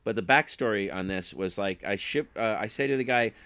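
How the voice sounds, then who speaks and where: A man's voice: on the low side, brisk, hardly any pauses, fairly bright tone, clean tone, dry recording. A man chatting casually as an online reseller, rambling through stories and acting out what people said. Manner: rambling storyteller who acts out quotes. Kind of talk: casual chat.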